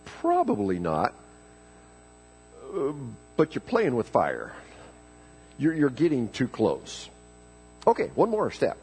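A man's voice: mid-range voice, wildly swooping pitch, slow, long pauses, darkish tone, breathy edge, poor audio. A man preaching a folksy, joking sermon in church, often repeating words as he starts a thought. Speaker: pastor.

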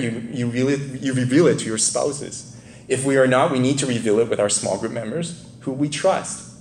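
Male preacher, mid-pitched, laid-back and chatty, laughs between points; echoey church room. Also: a little mellow, slight background noise. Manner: casual, chuckling, keeps asking "right?". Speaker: pastor. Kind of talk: conversational sermon. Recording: echoey room, faint ambience.

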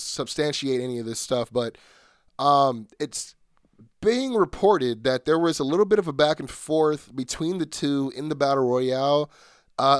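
On a solo podcast, a man chats casually in a medium-pitched voice. The recording is dry with clean studio sound, and he rambles, using lots of fillers and restarting often.

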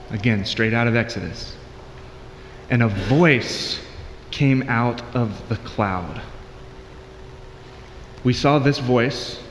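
A man's voice: medium pitch, roomy sound, big-room sound, a little hiss or hum. A married man giving a conversational, earnest sermon as a pastor, with frequent restarts.

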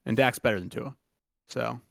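A man's voice: mid-range voice, normal speed, creaky, no echo, clean studio sound. A man co-hosting a sports podcast, chatting casually in a loose, rambling way with plenty of jokes. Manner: loose, rambling, jokey, laughs often. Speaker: podcast co-host.

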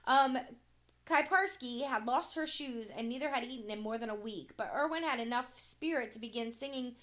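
A woman's voice: fairly high pitch, normal speed, a bit bright. Casual woman reading news aloud. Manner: reads aloud with stumbles, swears casually. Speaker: podcast co-host.

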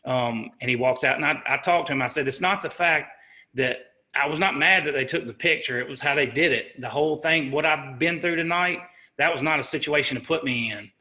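In an interview, a US Army sergeant in middle age recounts his own war experience in an earnest, halting manner. He frequently restarts and corrects himself, and his voice sounds slightly high, pushed, and bright.

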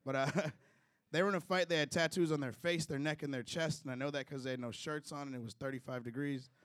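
A man's voice: a little high, steady tone, fairly quick, fairly bright tone, no room sound. A young man from Chicago doing a loose, chatty stand-up set with crowd work, chuckling through his own jokes. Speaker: stand-up comedian.

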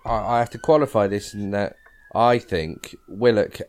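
A man with a fairly low voice hosts a casual football podcast. He leans on fillers and hesitations as he steers the chat. He keeps putting questions to his guests. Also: normal speed, darkish tone. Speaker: podcast host.

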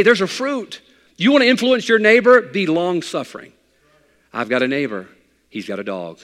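A pastor preaching a sermon in a conversational, folksy way with bits of humor. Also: male voice, medium pitch, fairly bright tone, in a large hall.

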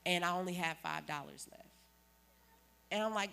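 A woman's voice: fairly low pitch, moderate pace, creaky, pauses often, pushed and bright. A woman giving an emphatic, preachy church testimony as a guest.

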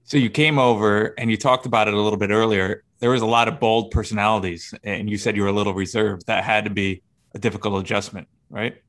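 A man's voice: lowish voice, fairly even intonation, fast talker, a bit bright. A man interviewing a guest, asking questions in a loose conversational way.

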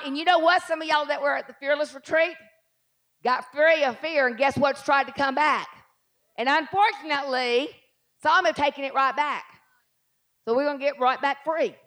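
A high-voiced, middle-aged woman preaches. She swings from quiet, confiding asides to loud declarations. She sometimes acts out doubting voices in a low mutter. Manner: lively, swings from hushed asides to shouted declarations. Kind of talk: live sermon.

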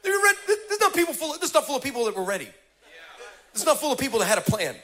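Male pastor, high bright voice, lively sermon with shouts and laughs. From Mexican heritage. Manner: animated, shouting, laughing preacher with quick asides. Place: church stage.

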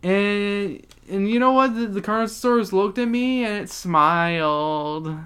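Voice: mid-range voice, fairly even intonation, normal speed, smooth. A podcast host giving a rambling, profane, joking book recap.

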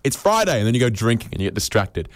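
A man's voice: medium pitch, big pitch swings, quick pace, no room sound. A young man hosting a comedy podcast, telling rambling, sarcastic stories and swearing freely.

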